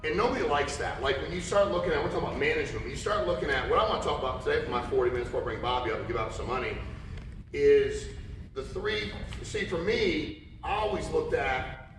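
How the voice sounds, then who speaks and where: At a conference, a man with a somewhat high, fast voice delivers a storytelling keynote, animatedly acting out the voices of the people in his stories. The recording picks him up from far off in a large, echoey conference hall, with slight background noise.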